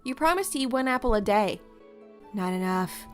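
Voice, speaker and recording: Over soft background music, a woman streams a let's play, reading a story game's text aloud in the first person and adding her own reactions. Her medium-pitched voice is a little fast and animated, and she exclaims and laughs at the story.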